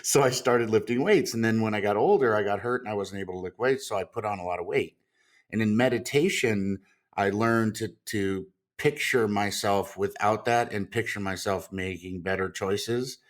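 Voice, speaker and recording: A man's voice: on the low side, normal speed. A man hosting a podcast interview, telling personal stories in a loose conversational way. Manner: conversational, storytelling with restarts. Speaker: podcast host.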